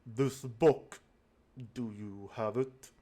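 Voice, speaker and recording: A man voicing Death, a calm, aloof male keeper of souls who speaks low, quiet and measured, with slow pacing. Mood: solemn.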